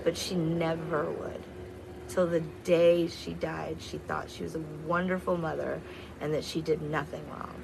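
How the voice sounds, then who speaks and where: A woman's voice: sits low, little pitch movement, unhurried, creaky, noisy background. A young adult woman telling a personal story in a blunt, candid way, acting out other people's voices as she goes. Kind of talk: casual storytelling vlog.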